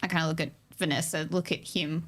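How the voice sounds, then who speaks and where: A woman's voice: low voice, little pitch movement, quick pace, fairly bright tone, faint music behind. A woman playing in a tabletop role-play game, speaking hesitantly and a bit awkwardly. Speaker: player.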